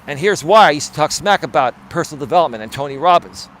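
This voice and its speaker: A man's voice: a little high, lively intonation, fast talker, fairly bright tone, slight background noise. A man life coach talking bluntly to his live chat while walking outdoors around a building, streaming from his phone. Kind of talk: casual live-stream monologue.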